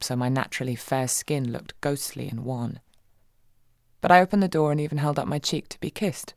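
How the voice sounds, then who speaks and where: A woman reading a first-person audiobook in a wry, expressive way, swinging between giddy and hushed. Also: deep voice, dry recording, clean studio sound. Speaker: audiobook narrator.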